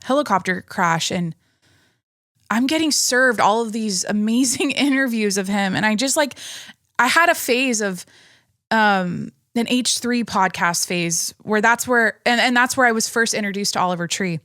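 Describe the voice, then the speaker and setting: A woman's voice: a little high, normal speed, fairly bright tone, no room sound, clean studio sound. A young pregnant woman hosting her own podcast, talking in a rambling, chatty way with many restarts and small laughs. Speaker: podcast host. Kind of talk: casual solo podcast chat.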